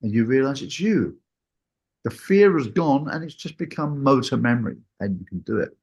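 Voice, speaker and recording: A man telling a personal story in a casual, animated way, acting out what people said. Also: moderate pace, vocal fry, husky. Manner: animated, acts out what people said with big jumps in pitch.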